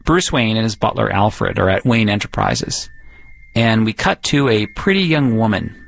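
Gravelly male interviewer. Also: on the low side, expressive, normal speed. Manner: curious, prompting. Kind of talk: interview questions. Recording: music playing underneath.

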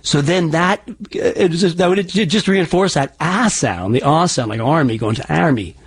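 A man's voice: a little high, lively intonation, normal speed, breathy edge. A man working as a dialect coach, explaining accent sounds in an interview, often restarting and repeating words. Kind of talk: interview answers.

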